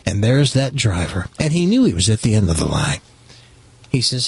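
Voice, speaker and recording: A man's voice: fairly low pitch, normal speed, gravelly, slightly rough. A man hosting a radio talk show, chatting casually and telling a long joke, acting out the characters. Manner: animated storyteller, voices characters in a joke.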